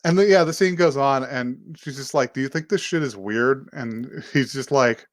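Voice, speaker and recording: A man's voice: mid-range voice, moderate pace, no echo, studio quality. A man co-hosting a podcast, casually recapping an anime and acting out the characters' lines between laughs. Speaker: podcast co-host.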